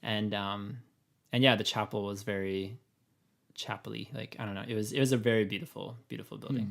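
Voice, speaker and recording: A man with a raspy voice, co-hosting a podcast in casual, rambling chat full of fillers. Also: fairly low pitch, fairly even intonation, fairly quick, a bit bright. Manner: rambling, many fillers and laughs. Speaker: podcast co-host.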